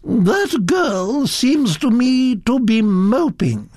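A man voicing an imperious elderly duchess, blunt and domineering, speaking in a brisk, commanding way. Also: very high voice, sing-song, darkish tone, dry recording, studio quality, pitched above the performer's own voice, heavily acted.

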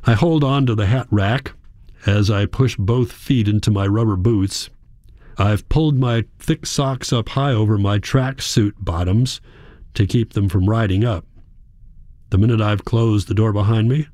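A man reading a first-person novel aloud, quiet, measured and reflective. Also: on the low side, no room sound, clean studio sound. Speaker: audiobook narrator. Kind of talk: first-person literary narration.

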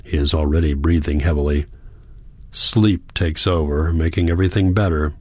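A man narrating a first-person novel as an audiobook, calm, measured and reflective. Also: extremely low pitch, breathy edge, no echo.

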